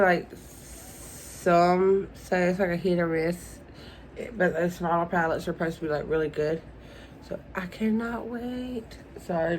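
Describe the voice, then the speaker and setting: A woman's voice: on the low side, a little hiss or hum, low-quality recording. A young woman unboxing beauty products in a casual vlog, gushing and emotional and calling her viewers "y'all". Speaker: beauty vlogger.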